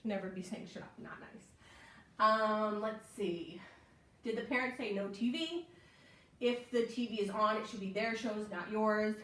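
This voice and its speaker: A young woman, working as a library program instructor, teaches a casual online babysitting class in an echoey room, heard from a distance. Her medium-pitched voice is a little slow and a bit bright, and her chatty teaching talk is full of ums and frequent "right?" questions.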